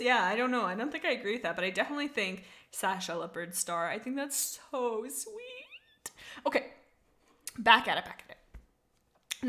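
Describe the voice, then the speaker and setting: A woman's voice: on the high side, bright, forceful tone. A young woman streaming casually, bubbly and giggly, rambling as she reads out viewer comments. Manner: bubbly, giggly and rambling, with many restarts and laughs. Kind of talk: casual livestream chat, reading out viewer comments.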